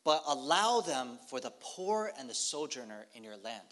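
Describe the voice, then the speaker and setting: A man preaching, telling a story in short phrases and pausing for an interpreter. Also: medium pitch, sing-song, fairly bright tone. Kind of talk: sermon with live interpretation.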